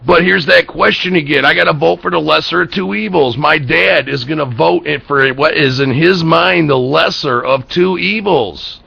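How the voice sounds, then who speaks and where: A man's voice: fairly high pitch, normal speed, gravelly, few pauses, sharp tone, slightly rough, muffled recording. An American man hosting an internet talk show, ranting bluntly about politics with profanity and heated rhetorical questions. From United States. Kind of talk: political commentary rant.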